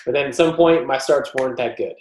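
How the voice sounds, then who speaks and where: A man's voice: mid-range voice, quick pace, darkish tone, a little hiss or hum. Casual male podcast host in a roomy space. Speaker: podcast host, former racer. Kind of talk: podcast interview.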